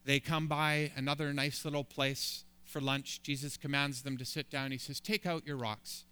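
A man's voice: mid-range voice, monotone, normal speed, sharp tone, clean tone. A man preaching a sermon as a pastor, building emphatic, rising lists of phrases.

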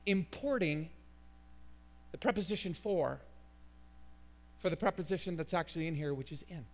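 High-voiced emphatic preacher man. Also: normal speed. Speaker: pastor. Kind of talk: sermon.

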